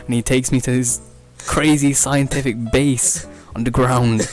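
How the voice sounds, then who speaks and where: A young man hosting a podcast, rambling through an improvised absurd comedy story, often laughing at his own jokes and leaping up in pitch when he quotes people. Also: steady tone, unhurried, few pauses, faint music behind. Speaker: podcast host.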